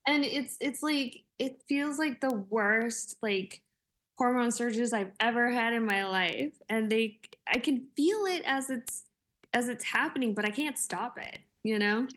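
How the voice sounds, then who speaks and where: A woman's voice: a little high, a little slow, a bit bright. A woman in her forties in casual conversation, telling stories with lots of fillers and laughter. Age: 40s. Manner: chatty, laughing storyteller with many fillers. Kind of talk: casual chat.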